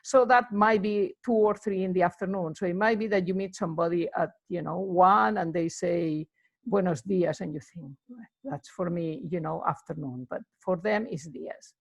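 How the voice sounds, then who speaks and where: A woman's voice: on the low side, normal speed, gravelly. A woman giving a casual, rambling lesson, full of fillers as she explains greetings. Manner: chatty and rambling, many fillers. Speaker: Spanish teacher.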